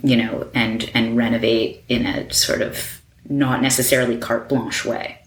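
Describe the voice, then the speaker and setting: A woman's voice: a bass voice, little pitch movement, a little slow. A woman guest in a casual interview, talking about her design work with lots of "like" and "you know" and easy laughter. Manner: chatty, many fillers like "like" and "you know"; laughs easily. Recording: roomy echo.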